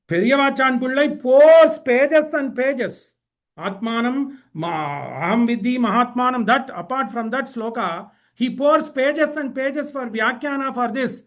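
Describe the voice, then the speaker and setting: A man, a professor, giving an emphatic spiritual lecture and chanting scripture verses in quick bursts. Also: extremely high pitch, animated.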